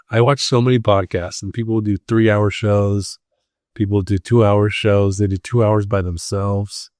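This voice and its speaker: A man hosting a solo podcast, talking in a loose, rambling way with lots of ums and restarts. His low voice sounds worn and strained after a long stretch of talk. The recording is close and bone dry, with no room sound. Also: little pitch movement, moderate pace, a little mellow, dry recording. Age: adult with school-age kids. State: strained, tired voice. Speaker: podcast host. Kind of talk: casual solo podcast chat.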